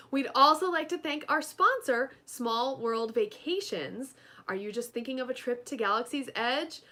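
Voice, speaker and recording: A woman's voice: high-pitched, unhurried. A woman co-hosting a podcast, reading sponsor messages and show plugs in a casual, upbeat way. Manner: upbeat, lively promotional delivery. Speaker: podcast co-host.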